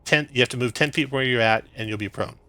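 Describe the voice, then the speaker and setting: A young man runs a tabletop game as its dungeon master. His voice sits in the middle range but rings bright and forward. He calls hits and damage briskly, chuckling now and then. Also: mid-range voice, dry recording. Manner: brisk rules-calling with chuckles.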